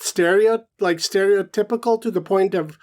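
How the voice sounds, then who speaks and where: A man's voice: high voice, moderate pace, a little mellow. A man co-hosting a podcast, chatting casually about a film and thinking aloud with lots of fillers. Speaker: podcast co-host.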